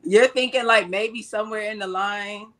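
A man on a podcast panel, quick to push back and emphatic. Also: sits high, fairly even intonation, bright, forceful tone. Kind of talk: casual panel chat.

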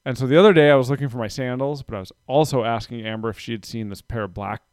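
A man's voice: mid-range voice, fast talker, dry recording. Thirties man telling family stories casually, dry recording. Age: 30s. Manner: rambling, animated retellings with voices for his kids. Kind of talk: casual chat.

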